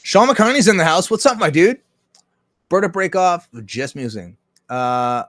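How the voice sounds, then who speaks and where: A man with a slightly high voice runs a casual livestream and fires off a profane, argumentative rant. He keeps it blunt and combative, pausing now and then to greet viewers and read their messages aloud. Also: lively intonation, fairly bright tone. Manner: reads viewer chat aloud. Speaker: livestream host. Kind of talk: casual ranting commentary.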